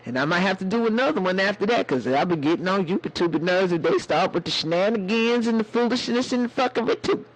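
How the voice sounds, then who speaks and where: A man's voice: sits high, lively intonation, fast talker, few pauses, poor audio. A man hosting a casual livestream chat in a sassy way, calling his viewers baby and honey. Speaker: livestream host.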